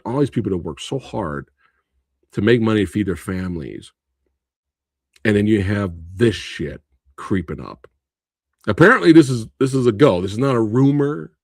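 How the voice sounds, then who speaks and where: Male movie-review streamer, expressive and incredulous, loose and profane, dry close sound. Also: fairly low pitch, no echo. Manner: animated, incredulous ranting with frequent laughs and swearing; reads and answers viewer comments. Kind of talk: live stream Q&A and review chat.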